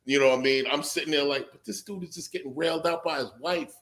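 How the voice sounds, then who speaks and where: A man's voice: fairly high pitch, fast talker, a bit bright. Profane ranting man on a podcast. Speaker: podcast co-host. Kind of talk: casual chat.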